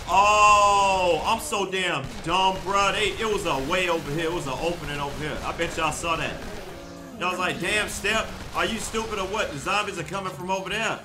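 A man giving casual gameplay commentary, loud, profane and excitable, joking with his viewers. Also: fairly high pitch. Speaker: gaming streamer. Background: game music.

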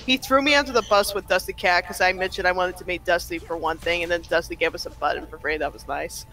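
A woman with a bright, clear voice chatting on a gaming call and telling stories with lots of laughter. Faint music plays underneath. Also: fairly low pitch, fast. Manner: chatty storyteller, laughs often. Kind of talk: casual chat.

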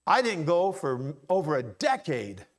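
A high-pitched male pastor delivering a church sermon. He builds to forceful, repeated declarations, then drops into soft, quick, chatty asides. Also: very animated. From Ohio. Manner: swings from loud preaching to low, quick asides. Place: church sanctuary.

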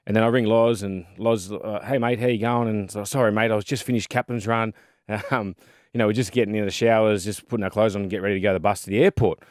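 An ex-rugby league player in his thirties, now co-hosting a podcast, spins league tales in a laid-back conversation full of filler words. His Australian voice sits on the low side and moves fast, animated and sprinkled with "mate," in a dry, studio-quality recording.

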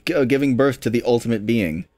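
A man's voice: medium pitch, fast talker, a little mellow. A young man co-hosting a let's play, making wry, laughing remarks. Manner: wry, laughing, dry asides. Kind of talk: casual gaming commentary.

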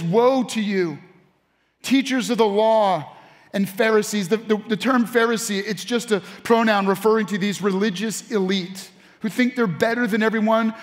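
A man pastor preaching an animated sermon to his congregation, calling out to the room. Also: sits high. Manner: animated preaching with audience call-outs. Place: church sanctuary. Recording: church hall with long reverb.

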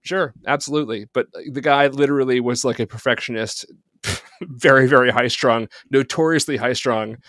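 A man co-hosts a podcast in loose, casual chat. He laughs often and drops swear words into quick asides, at an average pitch. The recording is dry and close. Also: a bit bright, no echo. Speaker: podcast co-host.

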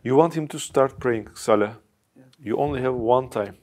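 A man interviewing a guest, asking plain questions in a calm way. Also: medium pitch, moderate pace.

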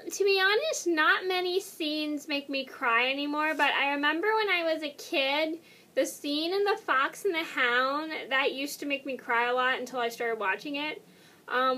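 Chatty high-voiced young woman vlogger. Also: bright, forceful tone. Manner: rambling, self-correcting, chatty. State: tired and yawning. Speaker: YouTuber. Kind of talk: casual vlog answering tag questions.

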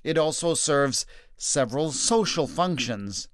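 A man reading scripture aloud and reflecting on it as a podcast host, with a measured, deliberate delivery. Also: a little high, animated, no room sound, clean studio sound.

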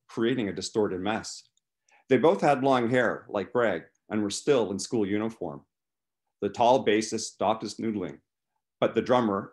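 Guy reading his own book out loud, lowish voice, pumps up the quotes. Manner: voices characters' quotes more loudly and higher.

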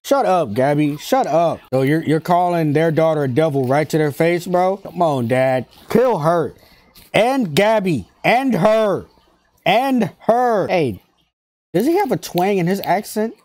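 A man hosting an anime reaction video, talking in excited, slangy casual commentary, laughing often and repeating himself. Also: on the high side, unhurried. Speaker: anime reaction channel host.

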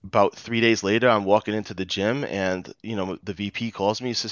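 Man, Rhode Island accent, low voice, animated storyteller, muffled dry recording. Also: brisk, dry recording. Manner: chatty, animated retelling with quoted dialogue. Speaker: guest. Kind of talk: casual storytelling.

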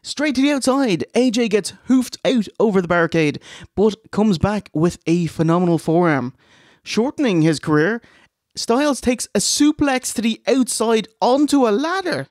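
A man narrates a wrestling recap in a casual, deadpan way. His voice sits close and dry, with no room around it. He drops wry asides between the play-by-play. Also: high voice, normal speed, dry recording. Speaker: co-host recapping the show. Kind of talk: casual review chat.

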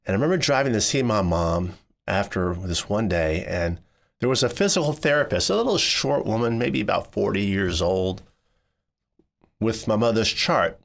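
Lively low-voiced male storyteller. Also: moderate pace, creaky. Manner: expressive, jumps high when quoting people. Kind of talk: first-person storytelling narration.

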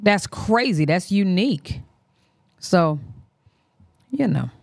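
Woman, reaction host, casual commentary, slangy, candid, outspoken, mid-pitched voice. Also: expressive, slow pace, gravelly, a little mellow, no room sound, clean studio sound.

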